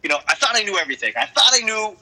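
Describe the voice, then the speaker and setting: A man's voice: high-pitched, expressive, racing, pushed and bright, poor audio. A man from Boston, a comedian, telling a story in a casual, laid-back, self-deprecating way. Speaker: guest comedian.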